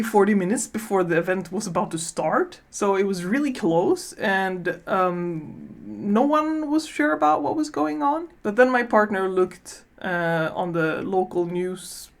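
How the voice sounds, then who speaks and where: Laughing, animated woman vlogger. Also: medium pitch. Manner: animated, laughs often while telling. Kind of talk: casual storytelling to camera. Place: studio.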